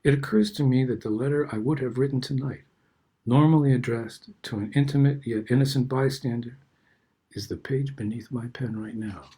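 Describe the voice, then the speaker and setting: An older man, host of the show, reading his own personal essays aloud in a reflective, unhurried way. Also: mid-range voice, fairly even intonation, mellow, breathy edge.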